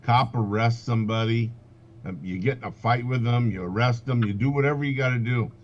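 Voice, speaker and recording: A man's voice: mid-range voice, a little fast, lo-fi sound. A man in a casual chat, speaking in a matter-of-fact, dry way.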